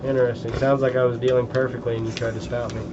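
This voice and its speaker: A man's voice: mid-range voice, level tone, very fast. A man dealing and trading sarcastic jabs with friends at a poker table. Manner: sarcastic, needling teasing. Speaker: poker player and dealer. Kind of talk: casual banter at a poker table. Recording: dull sound with clear room noise.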